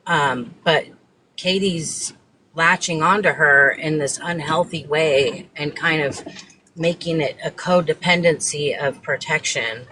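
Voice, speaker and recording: A guest talks slowly and reflectively on a live stream. The voice is bright, with faint noise in the background. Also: medium pitch, low-quality recording. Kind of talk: casual chat.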